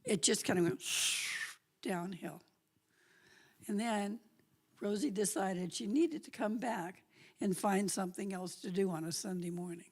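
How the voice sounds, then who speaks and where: A woman telling a lively story at a church talk, chatty and laughing often. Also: mid-range voice, measured pace. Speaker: guest speaker.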